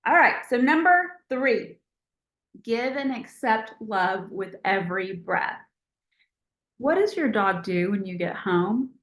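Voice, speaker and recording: A woman leading a motivational team call over a video call in a chatty, encouraging, animated way. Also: medium pitch, slow, roomy sound. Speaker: team leader hosting a call.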